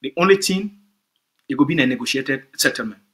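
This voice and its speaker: A man's voice: medium pitch, expressive, quick pace, fairly bright tone. A man with a Cameroonian Pidgin English accent, giving an emphatic, repetitive political address to supporters as a movement spokesman.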